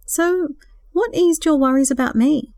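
Woman doing a gentle, tender young man. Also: high voice, measured pace, no room sound, clean studio sound, pitched above the performer's own voice.

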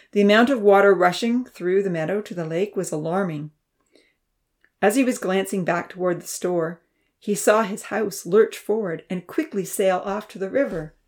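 A woman narrating a children's storybook, voicing the characters with a higher pitch and dropping to a whisper for quiet thoughts. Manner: reads characters' lines with raised pitch and soft whispers.

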